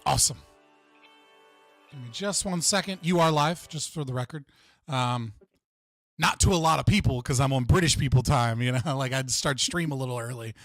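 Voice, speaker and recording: A man's voice: mid-range voice, moderate pace, a bit bright, no echo, soft background music. A young American man hosting a livestream chat, rambling and filling his talk with "like". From United States. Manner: rambling, heavy on fillers like "like". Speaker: livestream host. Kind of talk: casual chat.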